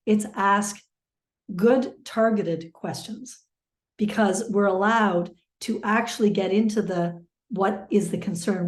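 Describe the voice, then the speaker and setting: Woman mediation trainer, lively and example-driven, slightly high voice, roomy sound. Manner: lively, illustrates with everyday examples. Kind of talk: webinar teaching talk.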